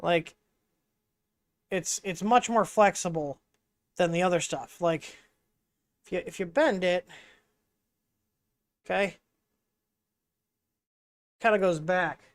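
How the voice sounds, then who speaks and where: A man's voice: high-pitched, slow pace, long pauses, no echo. A man hosting a casual livestream, rambling with lots of fillers as he explains hardware while working on it, speaking into a wireless mic. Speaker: livestream host. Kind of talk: casual hands-on tech livestream.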